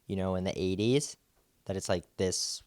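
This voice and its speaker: A man co-hosts a podcast in a loose, rambling way, dropping "like" often as he talks things through. His voice is smooth and resonant. The sound is dry and close, with no room around it. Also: low-pitched, moderate pace, a little mellow, no echo. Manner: easygoing, rambling with many "like"s. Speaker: podcast co-host. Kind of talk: casual chat.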